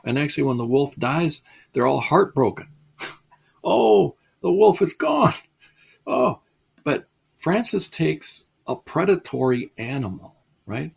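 Man, lecturer type; rambling, amused delivery, raspy low grit. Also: a little mellow. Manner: chatty and digressive, chuckles at the stories. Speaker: lecturer on mysticism. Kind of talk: storytelling lecture.

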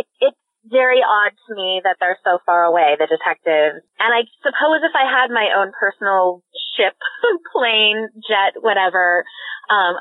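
A woman's voice: on the low side, no echo. A woman co-hosting a podcast about a novel, agreeable and giggly, chiming in often with a mm-hmm. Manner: agreeable, giggly, lots of mm-hmms. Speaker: podcast co-host. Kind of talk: casual book discussion. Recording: dry, phone-like audio.

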